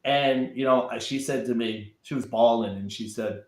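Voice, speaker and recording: A man's voice: medium pitch, fairly even intonation, normal speed, a little mellow, reverberant. A man talking as a guest in a casual chat, emphatic and often repeating words as he builds up a point.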